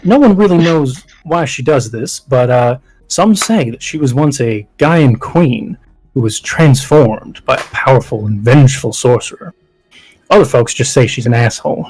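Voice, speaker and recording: A man's voice: medium pitch, lively intonation, normal speed, a little mellow, soft background music, close to an everyday voice, low-quality recording. A man voicing a cheerful tour-bus guide with a folksy, upbeat patter. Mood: chirpy.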